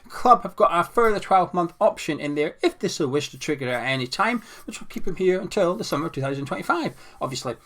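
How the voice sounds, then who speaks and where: Young man, fan show host, jokey and self-deprecating, fairly high voice, very bright tone. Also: sing-song, fast talker, hardly any pauses. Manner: playful, jokey, self-mocking. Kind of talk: casual football chat.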